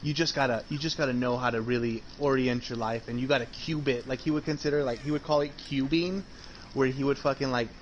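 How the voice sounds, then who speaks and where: A man's voice: medium pitch, steady tone, fast talker, dull audio, slight background noise. A man co-hosting a casual podcast chat, swearing and laughing as he rambles. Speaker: podcast co-host.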